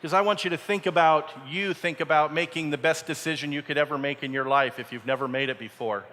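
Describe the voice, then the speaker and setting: A man's voice: a little high, steady tone, fast talker, pushed and bright. A man preaching a dramatic, story-driven sermon at a camp, acting out voices as he tells the story. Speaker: camp speaker. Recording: echoey hall.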